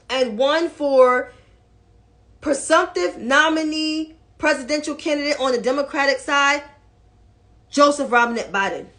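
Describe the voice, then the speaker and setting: A woman's voice: sits high, unhurried, pushed and bright. A woman giving casual political commentary in a blunt, profane, mocking way.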